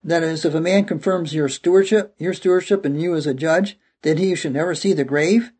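A man's voice: fairly high pitch, fairly quick, darkish tone, breathy edge. A man preaching a verse-by-verse Bible sermon, emphatic and peppering his teaching with "okay" as he restarts phrases.

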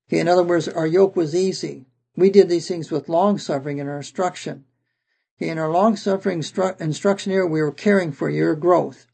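A man's voice: on the high side, fairly even intonation, brisk, gravelly, a little mellow, breathy edge. A man teaching the Bible verse by verse, reading passages aloud and then explaining them with frequent "okay"s.

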